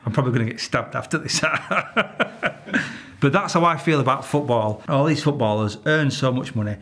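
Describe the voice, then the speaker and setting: A man with a Yorkshire accent, a retired police officer telling stories in an interview, blunt and exasperated, swearing freely. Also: medium pitch. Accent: Yorkshire English. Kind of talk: candid interview storytelling.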